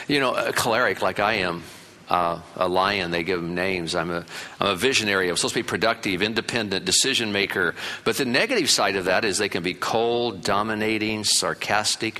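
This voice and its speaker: An older man preaching a sermon as pastor, telling lively stories and reading scripture verse by verse. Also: on the low side, normal speed. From Italian family in America. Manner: animated storyteller, breaks into loud put-on relatives' voices.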